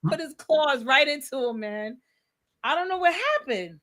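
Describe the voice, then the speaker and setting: Woman co-host, high bright voice, casual slangy recap chat. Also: moderate pace. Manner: animated, laughing, slangy retelling.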